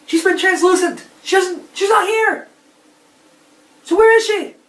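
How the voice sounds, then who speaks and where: A man playing a brash, hot-headed loudmouth. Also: very high voice, measured pace, pitched above the performer's own voice. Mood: ranting. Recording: roomy and distant from the mic.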